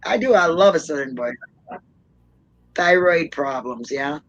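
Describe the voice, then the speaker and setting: A woman with a naturally low voice that she lifts up as she talks. She chats and jokes through a live online support discussion, laughing often. Her pitch swings widely from one phrase to the next. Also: lively intonation, unhurried, lo-fi sound. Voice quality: naturally low voice, pushed up when talking. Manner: laughs often, chatty and joking. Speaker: co-host of an online support talk. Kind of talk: casual live-stream chat.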